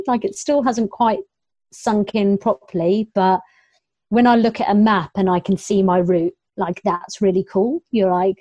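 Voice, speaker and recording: A woman's voice: mid-range voice, moderate pace, darkish tone, no room sound, lo-fi sound. A young adult woman, a long-distance runner, chatting casually in an interview, laughing often and quoting herself. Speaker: ultrarunner guest.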